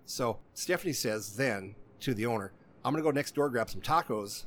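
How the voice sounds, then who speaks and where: A man's voice: mid-range voice, lively intonation, normal speed. Rambling man telling a story. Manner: rambling, repeats "she goes" while quoting others. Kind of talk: casual chat, telling a long story.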